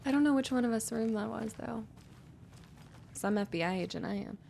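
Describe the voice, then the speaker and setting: A woman's voice: on the high side, a little fast, vocal fry, a little mellow, a little hiss or hum. A young woman streaming a game, musing aloud as she explores and reading notes under her breath. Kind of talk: let's-play commentary.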